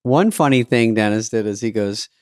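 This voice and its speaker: A man co-hosting a casual chat, tossing in dry, quick quips. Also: on the low side, darkish tone. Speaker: podcast co-host.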